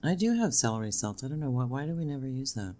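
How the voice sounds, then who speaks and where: A man's voice: medium pitch, animated, fast talker, mellow. A man co-hosting a podcast in casual chat, with groans and joking reactions. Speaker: podcast co-host.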